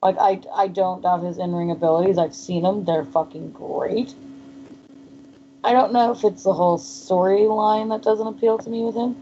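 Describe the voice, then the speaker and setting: A woman co-hosting a podcast, playful and quick to apologize, swearing casually. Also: mid-range voice, fairly even intonation, warm tone. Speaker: podcast co-host. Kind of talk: casual chat. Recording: dull lo-fi with faint noise.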